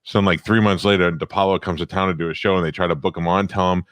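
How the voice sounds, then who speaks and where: Brief: man around fifty, very low voice, blunt swearing host, dry close sound. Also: fairly even intonation, fast talker, a bit bright, no room sound. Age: 50s. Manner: blunt, swearing anecdote teller. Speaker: radio host. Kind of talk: casual comedy podcast chat.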